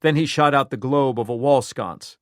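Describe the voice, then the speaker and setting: A man with a mid-range voice narrates a crime thriller audiobook from a script, keeping a steady storytelling manner at a moderate pace. The recording is dry and of studio quality.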